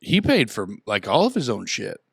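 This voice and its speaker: A man's voice: medium pitch, wildly swooping pitch, moderate pace, creaky, slightly rough, no room sound, studio quality. A man co-hosting a casual podcast chat, rambling through crude joking stories. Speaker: podcast co-host.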